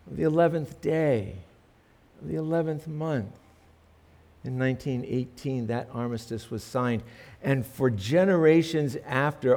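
A man's voice: medium pitch, darkish tone. Earnest preacher man, prayer and sermon. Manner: earnest prayer building to emphatic storytelling. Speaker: pastor.

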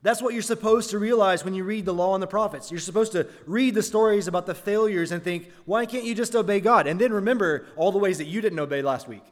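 A man's voice: high-pitched, fast talker, hardly any pauses, big-room sound. A man preaching a sermon, earnest, asking the congregation rhetorical questions. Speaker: pastor.

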